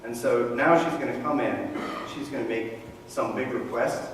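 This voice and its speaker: A male pastor preaching a sermon, telling the story in a conversational, animated way with casual asides. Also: mid-range voice, normal speed. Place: church sanctuary. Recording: echoey hall, mic far from speaker, faint room noise.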